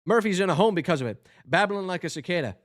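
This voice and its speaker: A man voicing a gruff male bee squad leader who gives orders in a loud drill-sergeant manner. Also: high-pitched, expressive, quick pace. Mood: briefing.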